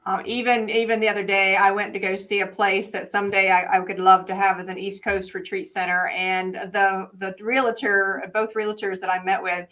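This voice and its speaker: An eager woman runs a study class over a video call. She reads each passage slowly and stops to praise it. Her voice sits at an ordinary middle pitch for a woman. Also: level tone, bright, forceful tone, low-quality recording. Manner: enthusiastic, slows right down to stress key passages. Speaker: course host leading a study session. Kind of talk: live online study class, reading aloud and commenting.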